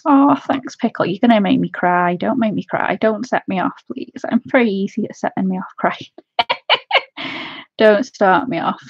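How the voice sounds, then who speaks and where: A woman hosting a live colouring stream, chatting excitedly, giggling often and thanking viewers warmly. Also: mid-range voice, measured pace, gravelly, husky, no room sound, dull audio. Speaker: craft channel host.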